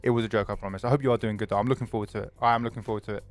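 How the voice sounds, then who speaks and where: A man's voice: fairly low pitch, fairly even intonation, faint music behind. A young man, chatting casually and jokingly with his stream viewers, swearing freely. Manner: chatty, jokey, quick to swear.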